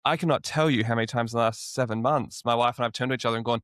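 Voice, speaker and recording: A man's voice: mid-range voice, very fast, few pauses, a bit bright, no room sound, clean studio sound. A young man hosting a podcast interview, asking earnest, reflective questions. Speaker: podcast host.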